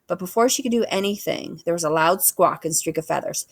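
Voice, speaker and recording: A woman reading a children's book aloud with expressive storytelling. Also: on the low side, a little fast, dry recording. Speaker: reader.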